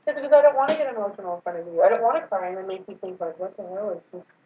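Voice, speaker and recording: A woman's voice: mid-range voice, lively intonation, very fast. A young woman in casual chat with her ex, nervous and rambling, often trailing off. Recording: distant roomy muffled mic with faint hiss.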